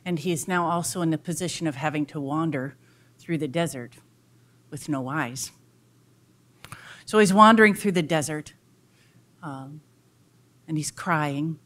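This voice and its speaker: Woman, lecturer, expressive storyteller, dramatic delivery, lowish voice. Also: unhurried, pauses often.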